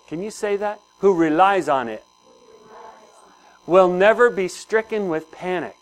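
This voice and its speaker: A man's voice: high voice, lively intonation, unhurried, poor audio. Conversational man preaching a sermon. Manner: conversational, asks the congregation questions and repeats phrases. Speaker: pastor.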